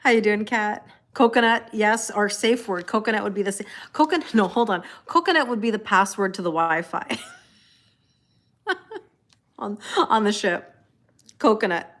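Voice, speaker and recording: A woman's voice: mid-range voice, normal speed, pauses often, a bit bright. A woman hosting a live tarot stream, chatting casually with viewers, joking and greeting them by name.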